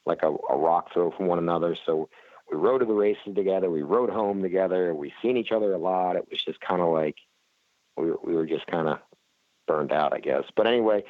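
Low-voiced guy rambling on a phone call, lots of "uh"s and "you know"s, dry and tinny. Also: fairly quick, no echo. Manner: rambling, full of fillers and restarts. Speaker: flat track racer, guest. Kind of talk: casual interview talk.

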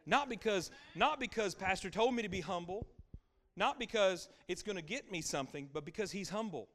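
A middle-aged pastor with a high, expressive voice preaches a little fast, with slight hiss or hum in the recording. He repeats phrases emphatically, lowering to hushed tones and surging to loud peaks.

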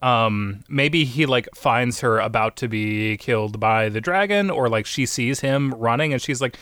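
Animated young man telling a story. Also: medium pitch, a little slow, few pauses, smooth, dry recording, studio quality. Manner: animated storytelling, acts out characters with voices. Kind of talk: casual chat.

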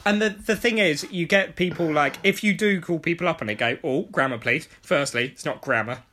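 A man's voice: a little high, lively intonation, fairly quick, bright, forceful tone. A man co-hosting a casual podcast chat, jokey and full of puns. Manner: jokey, pun-making, chatty. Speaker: podcast co-host.

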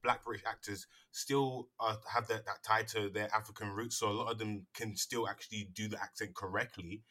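A man's voice: on the low side, fairly even intonation, normal speed, sharp tone. A man in casual podcast chat about actors and accents, rambling with fillers and restarts.

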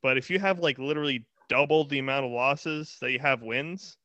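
A man's voice: mid-range voice, brisk, pushed and bright. A man, blunt and jokey in casual sports chat. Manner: laid-back, blunt, jokey. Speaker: podcast co-host. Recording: slightly dull lo-fi sound.

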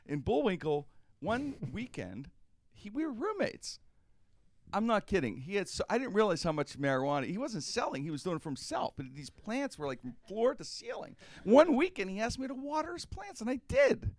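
A man's voice: sits high, sing-song, moderate pace, no room sound. A middle-aged man hosting a podcast, telling a casual anecdote animatedly and laughing often. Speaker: podcast host. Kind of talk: casual storytelling.

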